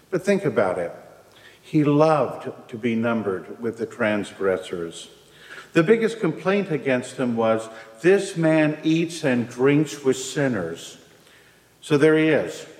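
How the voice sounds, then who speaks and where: A man preaching a sermon in a church, opening with a prayer and speaking in a slow, measured way. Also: medium pitch. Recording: echoey church from a distance.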